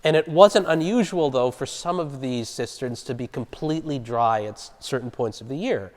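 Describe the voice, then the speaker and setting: A man's voice: mid-range voice, normal speed. Man teaching a Bible study in a reverberant hall. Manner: conversational, explaining and asking the group questions. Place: church hall. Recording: long reverb of a large hall.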